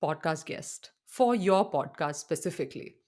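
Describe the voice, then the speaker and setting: A woman's voice: sits low, animated, normal speed, a little mellow. A woman guest on a podcast who asks the host curious, engaged questions. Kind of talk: conversational interview.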